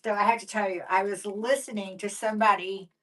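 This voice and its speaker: A woman's voice: medium pitch, fairly quick, recorded from a distance, rough recording. Gushing woman co-host, a bit off-mic. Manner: animated and gushing, laughs easily. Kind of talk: live shopping stream chat.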